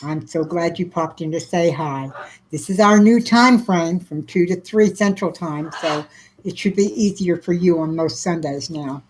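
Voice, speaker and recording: A middle-aged woman with a slightly low voice hosts a casual livestream from Texas. She talks softly and warmly to her viewers, reading their comments and greeting each of them by name. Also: unhurried, a little hiss or hum, poor audio. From South Central Texas. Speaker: livestream host.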